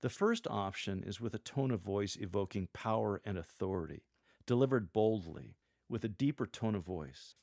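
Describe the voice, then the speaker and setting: A man coaching church lectors in a measured, scripted teaching style, reading sample lines aloud to show how they should sound. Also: lowish voice, animated, creaky, darkish tone, no echo, studio quality.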